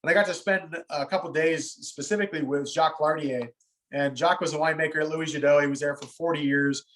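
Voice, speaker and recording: Winemaker guy in his 40s, talks a bit high, lively storyteller, restarts sentences. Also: fast talker, poor audio. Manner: animated storyteller, repeats words when starting a thought. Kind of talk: storytelling interview answer.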